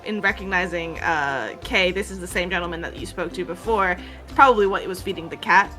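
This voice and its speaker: A woman's voice: on the low side, a little fast, music in the background. A woman narrating a tabletop game as game master, rambling loosely with many "like"s and "um"s. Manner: rambling, full of "like" and "um".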